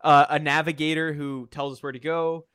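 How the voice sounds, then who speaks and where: A man's voice: on the high side, flat delivery, normal speed, pushed and bright, smooth, dry recording, studio quality. A young man co-hosting a casual podcast, upbeat as he lays out the rules of a game. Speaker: podcast co-host. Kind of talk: casual chat.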